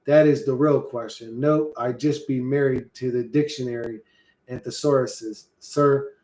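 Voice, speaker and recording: A man's voice: medium pitch, fairly even intonation, a little slow, a little mellow. A man streaming live, chatting loosely with his viewers in a rambling, profane, slangy way. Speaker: streamer reading and answering chat. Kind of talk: casual livestream chat. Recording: roomy echo.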